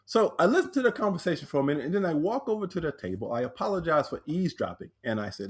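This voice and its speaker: A man, a speaker and author, telling personal stories in a podcast interview, animated and acting out the voices he quotes. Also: fairly high pitch, fast talker, hardly any pauses, breathy edge.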